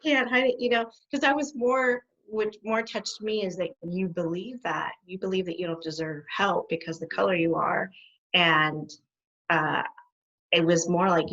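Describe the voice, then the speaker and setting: A middle-aged woman, a guest behaviour specialist, telling her stories in an animated way and laughing often. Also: on the low side, normal speed. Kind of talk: conversational interview. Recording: dull lo-fi sound.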